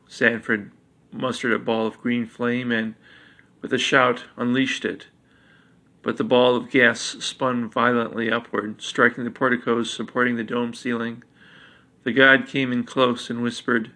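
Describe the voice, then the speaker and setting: A man narrating a fantasy story in an even, unhurried reading. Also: medium pitch.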